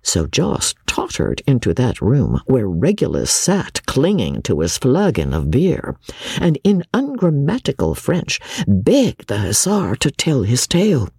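A man narrating a classic novel as an audiobook, reading in an expressive storyteller's manner. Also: medium pitch, vocal fry, husky, dry recording, clean studio sound.

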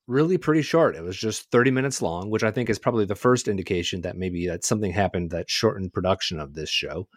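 A man's voice: sits low, fast talker, hardly any pauses, no room sound, studio quality. A man co-hosting a podcast, recapping a TV show in casual, conversational chat with lots of hedging words. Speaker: podcast co-host.

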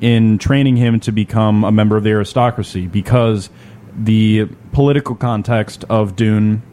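A man with a fairly low voice, talking casually on a podcast. He explains things at length, stopping and restarting his sentences often. A faint hum of room ambience sits behind him. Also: steady tone, normal speed, dark tone. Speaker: podcast co-host. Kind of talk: casual chat.

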